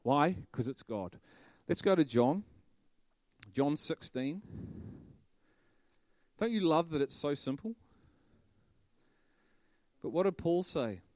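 A male preacher, delivering a lively sermon that swings from quiet stress on words to loud bursts. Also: on the high side, slow pace, pauses often. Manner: animated, bursts into loud shouting and laughter.

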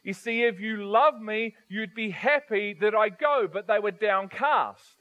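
A man preaching a sermon to his congregation, animated, asking rhetorical questions and swinging from soft to loud. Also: high voice, a little slow, lo-fi sound. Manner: animated, rhetorical questions, varies volume widely.

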